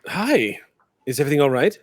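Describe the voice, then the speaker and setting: A husky, clipped woman knight of a tabletop game, as a man puts her on, pressing for details in a brisk, concerned manner. Her voice sits a little above his own, close and dry. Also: fairly high pitch, very animated, no echo. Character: calm adult woman knight roused from bed, husky.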